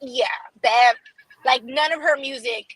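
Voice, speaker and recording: Bright, husky-voiced sarcastic woman. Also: sits high, steady tone, unhurried, no echo, low-quality recording. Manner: breezy and sarcastic, with lots of fillers like "like". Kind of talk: casual political chat.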